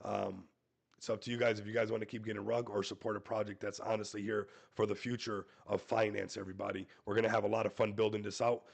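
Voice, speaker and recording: A man's voice: on the low side, little pitch movement, quick pace, creaky, slightly rough. Stuffy-nosed hyped crypto streamer man. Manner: hyped, salesy, repeats "everybody". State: sick, stuffy nose. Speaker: crypto YouTuber host. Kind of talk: live stream promo talk.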